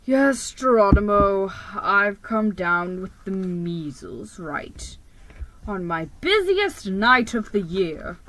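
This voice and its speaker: A woman voicing a kindly elderly Santa who speaks slowly, gently and with hesitation. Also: mid-range voice, very animated, slight background noise, rough recording. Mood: worried.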